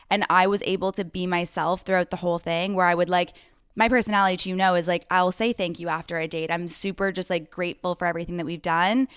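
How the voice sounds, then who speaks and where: Chatty woman host, smooth low voice. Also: level tone, fairly bright tone, no echo, studio quality. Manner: effusive, storytelling, quick asides with "like". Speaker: podcast host. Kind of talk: casual podcast conversation.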